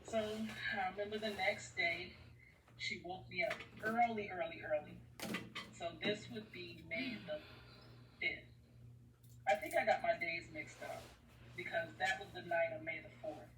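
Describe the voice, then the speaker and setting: A woman's voice: lowish voice, unhurried, background noise. A woman vlogger telling a personal story in an earnest, rambling way, often repeating herself. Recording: echoey room, far from the mic.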